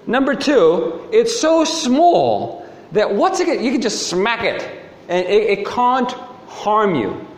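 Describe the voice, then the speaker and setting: A man preaching a sermon, telling stories with animation and asking the listeners rhetorical questions. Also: sits high. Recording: echoey hall with faint ambience.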